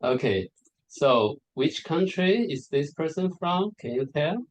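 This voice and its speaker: A man's voice: on the high side, animated, unhurried, poor audio. Hesitant male lecturer giving a presentation. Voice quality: hesitant, with many repeated words and fillers. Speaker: lecturer presenting on English varieties. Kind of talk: conference presentation.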